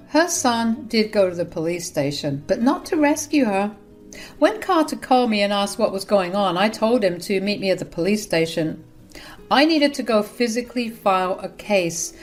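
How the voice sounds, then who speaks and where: A woman telling a first-person story in a steady, matter-of-fact voice of middle pitch. She adds dry, sarcastic jabs at times. Faint music plays softly behind her.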